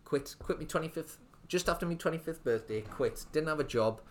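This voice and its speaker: A man's voice: a little high, lively intonation, a little fast. A young man, a restaurant owner telling his story in a casual interview, rambling with lots of fillers and restarts. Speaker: restaurant owner, podcast guest.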